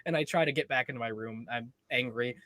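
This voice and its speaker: A player in a tabletop game who bursts out loudly, swearing and acting out theatrical anger. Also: mid-range voice, fast talker, dry recording. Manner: loud, swearing, theatrical outbursts. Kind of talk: playing a character in a tabletop game.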